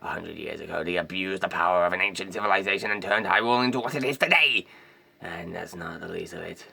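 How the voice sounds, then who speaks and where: A man's voice: low-pitched, fast, creaky, bright, forceful tone, breathy edge, pitched below the performer's own voice, full character voice. A man voicing a stern, distrustful old male fish advisor, disdainful and formal, in an amateur game voice-over. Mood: scornful.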